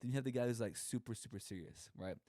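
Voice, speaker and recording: This young co-host has a warm, mid-range voice and talks fast. In a casual comedic monologue on the podcast, he rambles, jokes and does voices for quotes, with studio-quality audio and no room sound.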